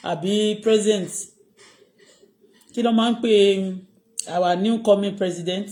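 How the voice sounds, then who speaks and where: A chatty woman with a Nigerian Yoruba accent talks loosely on a phone live stream from home. She rambles between English and Yoruba, chuckling at her own asides. Her voice sits at an ordinary middle pitch. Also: warm tone, low-quality recording. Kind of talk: casual live-stream chat. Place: home in Canada.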